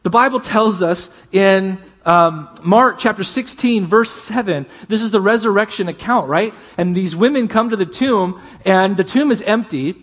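A pastor preaching a sermon, earnest and emphatic, often dropping to a hush. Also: male voice, high-pitched, normal speed, hardly any pauses.

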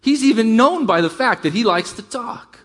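A middle-aged man preaching a sermon to his congregation, conversational with rising emphasis and quick asides. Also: extremely high pitch, expressive, fairly bright tone. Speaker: pastor.

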